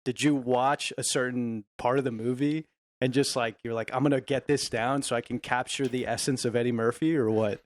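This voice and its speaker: A man's voice: medium pitch, fairly even intonation, fairly quick. A man hosting a podcast, encouraging his guest, laughing often and asking rambling questions. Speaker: podcast host. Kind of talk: casual podcast chat.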